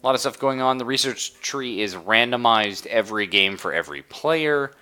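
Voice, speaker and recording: A man's voice: mid-range voice, lively intonation, moderate pace, bright, forceful tone, smooth. A man streaming a strategy game live, chatting casually and enthusiastically as he explains the mechanics while he plays. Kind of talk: casual live gameplay commentary.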